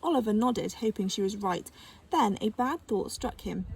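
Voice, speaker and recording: A woman reading a children's novel aloud with gentle, expressive storytelling. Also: mid-range voice, normal speed, gravelly, a little hiss or hum. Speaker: narrator.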